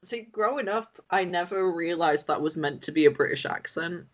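Brief: co-host, easygoing, laughs a lot, mid-pitched voice, chimes in briefly. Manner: laughing, agreeable, quick asides. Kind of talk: casual chat. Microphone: remote call.

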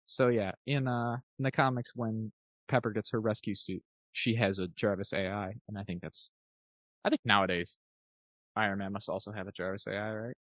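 A man co-hosting a podcast in casual comedic chat, animated and jokey, breaking into quick voices. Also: lowish voice, no echo. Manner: fast, animated, jokey, does quick impressions. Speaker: podcast co-host.

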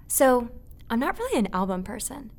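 Earnest young woman sharing reflections. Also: on the high side. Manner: earnest and reflective, laughs easily. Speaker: interview guest. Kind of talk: casual conversational interview.

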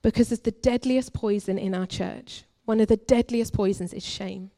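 A young adult woman, a guest preacher at a church, giving an earnest, confessional testimony that moves between forceful and hushed. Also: mid-range voice, moderate pace. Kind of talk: personal testimony sermon.

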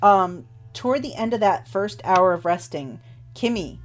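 A woman with a medium-pitched, animated voice runs a tabletop game as game master. She narrates at an easy, unhurried pace, leaning on lots of fillers like "um" and "kinda."

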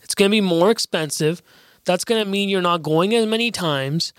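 A man's voice: high voice, normal speed, a bit bright, clear, resonant tone, dry recording. A man in a casual debate, reasoning through his point aloud with stammering restarts.

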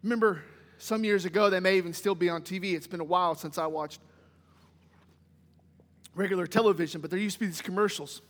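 High-voiced preaching pastor in a reverberant church. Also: male voice, steady tone, brisk, long pauses, fairly bright tone. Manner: emphatic preaching with repeated phrases. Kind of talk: sermon. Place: church sanctuary.

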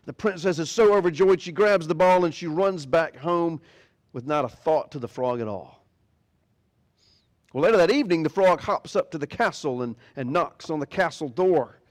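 A man's voice: fairly high pitch, moderate pace. A man preaching a sermon as pastor, animatedly retelling a fairy tale. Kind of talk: sermon storytelling.

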